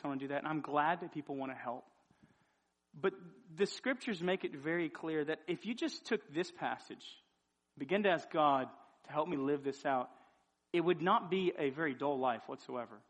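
High-voiced man preaching with urgent questions. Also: normal speed. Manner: urgent, repeated rhetorical questions. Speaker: pastor. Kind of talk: sermon.

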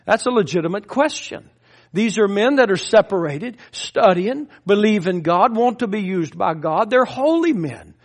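A man's voice: high-pitched, expressive, moderate pace. A man preaching a sermon with impassioned, rising and falling emphasis.

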